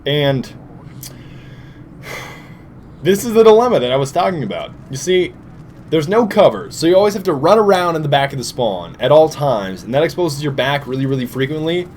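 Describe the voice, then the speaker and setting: A tired young man giving casual, jokey gameplay commentary with sudden loud outbursts. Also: on the high side, big pitch swings, normal speed, a little hiss or hum. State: tired, short on sleep. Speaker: gaming commentator.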